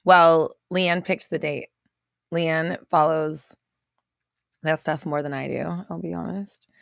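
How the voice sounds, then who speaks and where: Gravelly-voiced woman chatting on a livestream. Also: sits low, fairly even intonation, slow pace, dry recording, studio quality. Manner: chatty, reads out viewer comments. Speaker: livestream host. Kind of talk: casual livestream chat greeting viewers.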